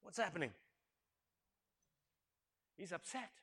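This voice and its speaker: A male preacher retelling a story in a sermon, acting out the characters and asking the congregation questions, swinging from hushed tones to loud exclamations. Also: high voice, expressive, slow pace, gravelly, husky. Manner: dramatic, swings from hushed to shouting, acts out characters.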